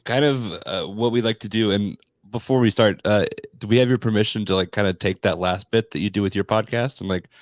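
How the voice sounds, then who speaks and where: A man's voice: fairly low pitch, fairly quick, hardly any pauses, no echo. A man co-hosting a casual podcast interview, laid-back and laughing along. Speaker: podcast co-host.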